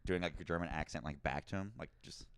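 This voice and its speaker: A man, a comedian guest, chatting casually and telling a lively story, acting out the people in it. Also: very deep voice, quick pace, a little hiss or hum. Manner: lively storyteller, acts out quoted voices. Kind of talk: casual chat.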